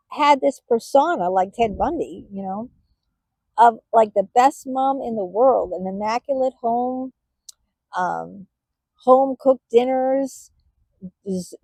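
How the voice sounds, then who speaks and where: A woman vlogger speaks straight to her viewers, halting and emotional, full of fillers and restarts. Her voice sits a little high, mellow and husky, in a dry, close recording. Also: no echo, rough recording. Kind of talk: personal talk to camera.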